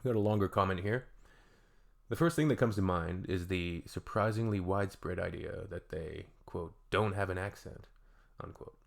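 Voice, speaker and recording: A man's voice: low-pitched, moderate pace, vocal fry. A Canadian man hosting a reaction video, reading comments aloud and adding dry, joking asides in a casual tone.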